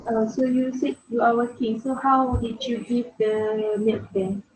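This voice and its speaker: A woman's voice: a little high, little pitch movement, a little slow, darkish tone, far from the mic. A woman medical student taking a patient's history, asking polite, hesitant questions with many fillers. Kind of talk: mock clinical history-taking. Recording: echoey room with faint noise.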